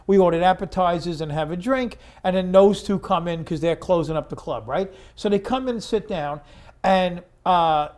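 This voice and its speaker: A man from Long Island, a guest comedian telling an anecdote in an animated way. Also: high-pitched, normal speed. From Long Island, New York. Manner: animated, acts out other people's lines. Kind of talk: storytelling anecdote.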